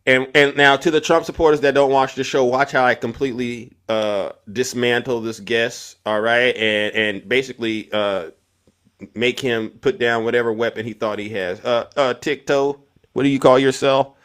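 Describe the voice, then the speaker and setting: A man's voice: mid-range voice, steady tone, moderate pace, a bit bright, clean tone. A man hosting a live political debate stream, talking to his chat and calling people up, mocking and repeating himself. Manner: mocking, repetitive, taunting callers.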